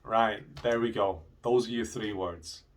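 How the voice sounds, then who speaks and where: Upbeat teacher, slight Scottish accent. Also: male voice, lowish voice. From United Kingdom. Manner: upbeat, clear, speaks slowly for learners. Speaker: English teacher. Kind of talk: friendly video lesson to students.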